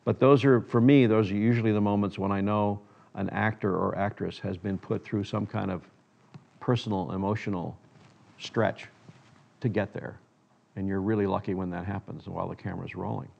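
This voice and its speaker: A man's voice: fairly low pitch, steady tone, moderate pace, gravelly, a little mellow, highs cut off. An older man, a filmmaker, telling stories in a reflective interview, often quoting others in his anecdotes.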